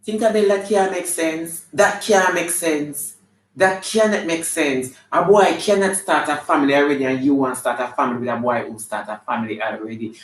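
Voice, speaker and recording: A man's voice: on the high side, moderate pace, echoey room, low-quality recording. A man with a Jamaican accent doing live comedy, sassy and scolding in a flamboyant way, breaking into snatches of song. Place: live show venue.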